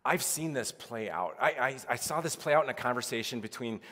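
Chatty pastor preaching in a reverberant church. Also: male voice, medium pitch, expressive, fairly quick, bright, forceful tone. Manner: casual, chatty preaching with many "like"s and acted-out quotes. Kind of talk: conversational sermon. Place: church sanctuary.

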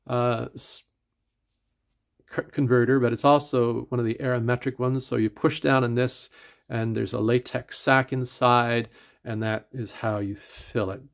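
Gravelly Atlantic Canadian man, rambling. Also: mid-range voice. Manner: rambling, hesitant, many fillers and restarts. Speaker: pen reviewer. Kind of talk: casual product review.

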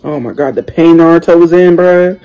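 A young man hosting a reaction video, talking casually and excitedly in slang, exclaiming and chatting as he watches. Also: fairly high pitch, normal speed, smooth, soft background music, poor audio. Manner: exclamatory, slangy, keeps saying "bro".

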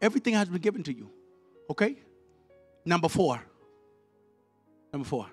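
A male evangelist preaching a fiery sermon in a church, leading call-and-response and swinging from quiet words to shouted, repeated lines. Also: high voice, very animated, normal speed, breathy edge. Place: church sanctuary. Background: faint music from the musicians.

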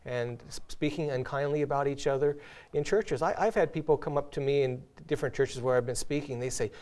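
A man's voice: medium pitch, fairly quick, darkish tone. A man hosting a casual spiritual discussion, earnestly telling illustrations from his own life. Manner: earnest storyteller, tells illustrations with light laughs. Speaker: host.

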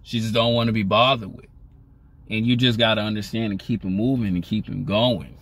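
A man's voice: fairly even intonation, brisk, a bit bright. A young man vlogging casually to the camera, rambling with many "you know" fillers in a laid-back conversational way. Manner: laid-back and conversational, pitch rises when acting out lines.

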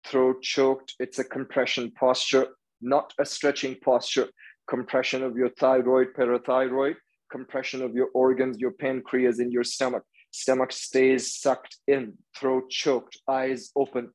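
A man teaches a hot yoga class in a studio, calling out postures in short, firm commands. He counts the holds out loud in a steady rhythm. His voice sits at an ordinary middle pitch. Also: measured pace, poor audio.

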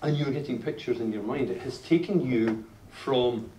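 A man's voice: medium pitch, normal speed. Scottish guy in his 50s telling stories to a crowd, lots of you-knows, sounds far off from the camera in a roomy space. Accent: Scottish (Glasgow). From Scotland (Glasgow). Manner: animated storyteller, lots of "you know", frequent restarts. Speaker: whisky writer giving a talk. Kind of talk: lively presentation to a live audience. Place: indoor venue at a tasting event. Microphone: filmed by a distant camera in the audience. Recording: roomy, distant camera audio, faint noise.

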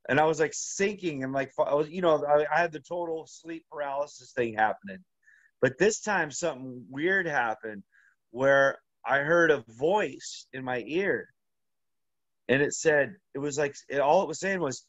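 A man with a fairly high voice tells a long story in a loose, rambling way, stopping and restarting often. The sound is dry and dull, as if recorded close up on modest gear. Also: no echo. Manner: rambling, halting, full of "like" and restarts. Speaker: interview guest. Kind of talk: casual storytelling.

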